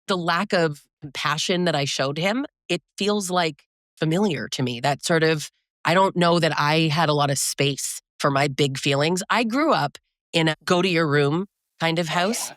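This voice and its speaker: A therapist guest speaks frankly and thoughtfully, pausing to search for the right words. The voice is mid-pitched, and the recording is dry and close, with no room sound. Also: a bit bright, dry recording. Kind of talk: reflective conversational talk.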